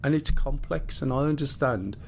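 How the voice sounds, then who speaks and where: A man's voice: medium pitch, normal speed, slight background noise. A man casually chatting and explaining things as he live-streams a game, rambling and swearing a bit. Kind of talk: live gameplay stream chat.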